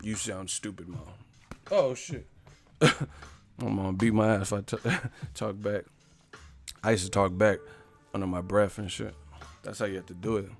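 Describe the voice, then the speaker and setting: A man's voice: lowish voice, fairly even intonation, normal speed, vocal fry, long pauses, faint music behind. A man with an American accent hosting a casual live stream, telling jokes and stories with heavy swearing and frequent laughter. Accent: US English. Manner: profane, joking storyteller who laughs a lot. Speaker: boxing live-stream host.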